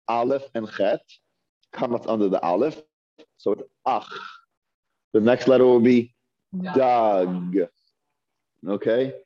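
A man's voice: medium pitch, dark tone, no room sound, muffled recording. A man teaching a Hebrew reading class, patiently sounding out syllables one by one for his students. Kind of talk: classroom lesson. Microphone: earpiece mic.

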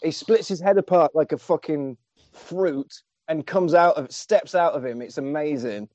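In a muffled recording with no room sound, a podcast co-host with a fairly high voice summarizes a film at normal speed. The chat is casual, and he animatedly performs quotes while swearing liberally.

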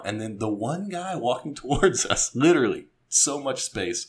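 A man's voice: mid-range voice, normal speed, slightly rough. A young man from a small Missouri town, telling travel stories in a casual chat, swearing and laughing often. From Mexico, Missouri. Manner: animated storytelling, frequent swearing, laughs.

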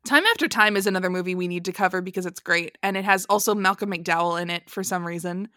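A woman co-hosting a casual film-review podcast, animated, swearing freely and laughing often. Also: lowish voice, fast, dry recording, studio quality. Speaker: podcast co-host.

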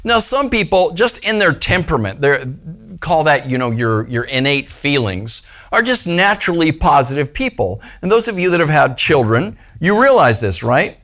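A male pastor speaking to a small congregation in an animated, playful way. His pitch sits a bit high and swings widely as he slips into little voices for the people he quotes. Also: normal speed. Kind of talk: casual sermon. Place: small church gathering.

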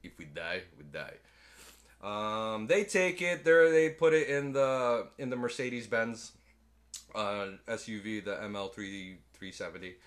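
A man's voice: medium pitch, unhurried, fairly bright tone. A man in casual podcast chat, rambling through a movie plot, swearing often and acting out lines. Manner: rambling, swears a lot, acts out quotes.

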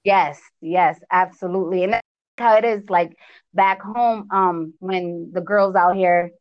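A woman with an East Coast US accent chats in a lively, upbeat way and repeats her phrases for emphasis. The recording is dry and a little dull. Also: on the low side, measured pace, no echo. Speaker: business owner. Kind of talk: casual networking chat.

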